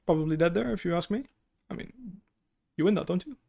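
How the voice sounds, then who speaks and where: A young man coaching a player through a replay review, blunt and casual, his voice hoarse from hours of talking. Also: sits high, animated, fast, warm tone. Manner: blunt, casual, heavy swearing. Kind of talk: livestreamed gameplay review coaching.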